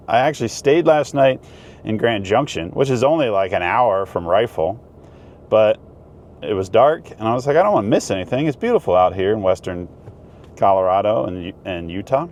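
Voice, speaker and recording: A man's voice: fairly low pitch, a little mellow. A man chatting casually to camera on a road trip vlog, rambling and upbeat. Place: in a truck and outdoors.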